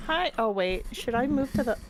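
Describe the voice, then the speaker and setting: A woman's voice: a little high, lively intonation, normal speed, a little hiss or hum. A woman joining a stream as a guest, chatting casually and giggling while she rambles enthusiastically about her game. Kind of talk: casual gaming stream chat.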